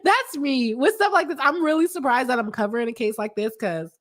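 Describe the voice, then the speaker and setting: A woman's voice: high voice, animated, brisk, fairly bright tone. A woman, a lawyer hosting a casual live stream, reading viewer comments, laughing often and coughing from a cold. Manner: laughs often, talks in a chatty way with y'all.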